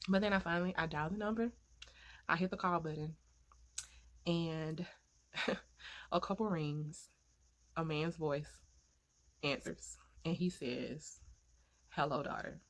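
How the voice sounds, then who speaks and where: A woman's voice: low voice, unhurried, long pauses. A woman vlogger telling a heartfelt personal story in an earnest way, repeating phrases for emphasis and turning to faith-filled encouragement.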